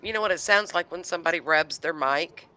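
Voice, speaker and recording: A co-host of a live online chat, speaking from home in a relaxed, agreeable way with dry humor. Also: medium pitch, a little fast, low-quality recording. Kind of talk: casual chat.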